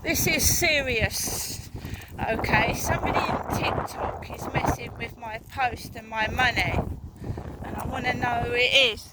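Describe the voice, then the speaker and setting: A woman's voice: on the high side, measured pace. A woman vlogging on a walk outdoors, ranting angrily and swearing a lot. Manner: angry, profane ranting. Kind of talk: walking vlog rant. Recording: outdoor background noise.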